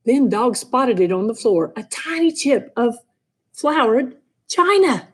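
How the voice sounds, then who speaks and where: A woman reading a children's picture book aloud in an expressive, sing-song storytelling manner. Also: fairly high pitch, takes it slowly, breathy edge. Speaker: storybook reader.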